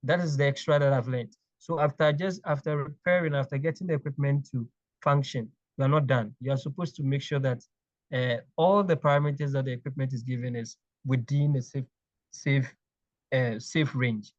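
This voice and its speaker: A man's voice: medium pitch, fairly even intonation, no echo, dull audio. A man from Ghana, a clinical engineering manager, talking in an interview and often repeating words as he gathers his thoughts. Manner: halting, repeats words while thinking. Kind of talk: interview conversation.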